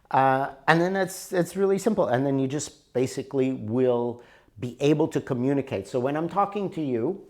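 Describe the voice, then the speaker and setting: Male workshop teacher, animated and conversational, widely varied pitch. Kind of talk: recorded workshop talk.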